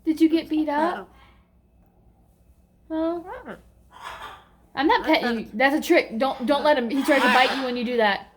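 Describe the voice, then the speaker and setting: A woman talks in a high, light voice. She chats casually at an outdoor zoo, explaining how a bird behaves and warning others about it. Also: a little slow, pauses often, noisy background. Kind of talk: casual chat.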